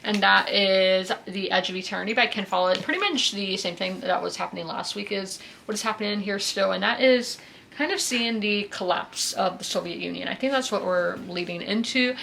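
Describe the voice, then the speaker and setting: In a bright, forceful, creaky mid-range voice at normal speed, a twentysomething book vlogger from South Carolina casually chats about her weekly reads. She uses plenty of fillers such as "you know" and "um," over slight background noise.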